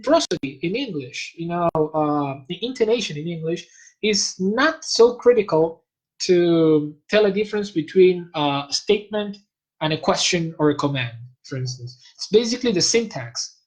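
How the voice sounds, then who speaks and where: A man whose first language is Spanish, speaking as a guest expert in an academic talk. He explains things in a measured, lecturing way and pauses to search for terms. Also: high voice, animated, rough recording.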